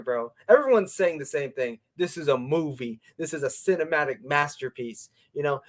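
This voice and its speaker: An excitable young man co-hosts a casual podcast, his voice sitting a little high. He leaps up in pitch when he retells big moments, then drops back to easy chat. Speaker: co-host.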